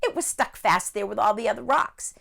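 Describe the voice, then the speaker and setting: A woman librarian telling a children's story in an animated, expressive way. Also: fairly high pitch, a little fast, creaky. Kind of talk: storytime read-aloud.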